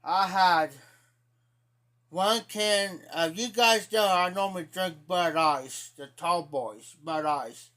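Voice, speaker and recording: A man's voice: high-pitched, slow, pushed and bright. A man with an Ohio accent telling a rambling, profane story to his live-stream chat in a casual way. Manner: rambling, profane, repeats himself.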